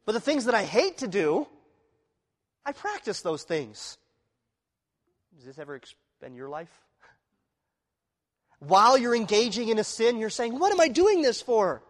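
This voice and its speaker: A man preaching a sermon, shifting from quiet, confessional passages to loud, emphatic ones and acting out the voices of inner struggle. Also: high voice, very animated, unhurried, pauses often, big-room sound. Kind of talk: expository sermon.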